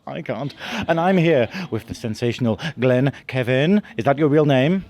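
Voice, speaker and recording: A man's voice: mid-range voice, moderate pace, few pauses, darkish tone. A man hosting a casual interview at a convention, giggly and teasing, with lots of laughter between questions. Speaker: interview host, drag performer. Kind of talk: casual chat. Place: busy convention hall.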